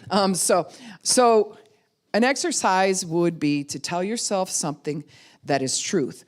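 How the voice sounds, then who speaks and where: A woman pastor teaching a class in a conversational way, acting out other people's words in quick voices. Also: fairly low pitch, a little mellow. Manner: conversational, with frequent "you know" and "right?".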